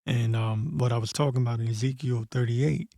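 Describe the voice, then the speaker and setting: Male host with a warm, low-toned timbre, blunt and profane in casual talk, reads verses slow and deliberate; dry, close recording. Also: steady tone, creaky, no room sound. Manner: blunt and profane, peppers speech with "man"; reads scripture slowly and deliberately. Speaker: host of a prophecy commentary channel. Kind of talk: casual scripture commentary.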